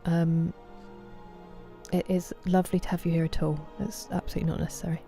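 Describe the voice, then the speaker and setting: A woman's voice: lowish voice, flat delivery, brisk, creaky, mellow, soft background music. A British woman streaming a game, chatting casually and greeting her viewers by name. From Britain. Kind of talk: casual chat with viewers while gaming.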